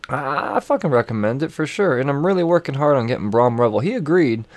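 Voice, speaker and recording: A man's voice: medium pitch, expressive, quick pace, no echo. A man chatting loosely about comics on his own show, full of swearing and loose asides. He is wired on coffee late at night. The recording is close and dry. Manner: rambling, profane, chuckling. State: over-caffeinated late at night. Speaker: comic book podcast host. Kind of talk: casual review chat.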